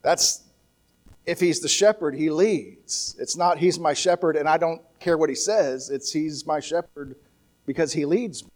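A man delivers a sermon in a loose, conversational manner, his voice sitting a little high for a man. He trips over his words and restarts often, then lifts his voice when he quotes scripture. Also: a little slow, darkish tone. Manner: conversational preaching, rises in pitch when quoting scripture; talks with restarts and asides, light laughs. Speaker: preacher.

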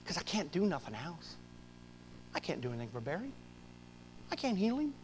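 A man preaching a sermon to his church, swinging from loud bursts to hushed asides. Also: on the high side, huge pitch swings, brisk, big-room sound, slight background noise, low-quality recording. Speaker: pastor.

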